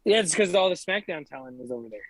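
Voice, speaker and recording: A man's voice: fairly high pitch, animated, fast, a bit bright, no room sound, rough recording. A man co-hosting a casual podcast chat over a video call, laid-back and swearing freely. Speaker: podcast co-host.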